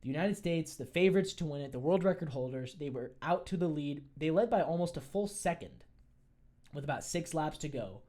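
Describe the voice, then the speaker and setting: A sports podcast host giving casual, opinionated commentary in quick bursts, often restarting sentences. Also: medium pitch, animated, warm tone.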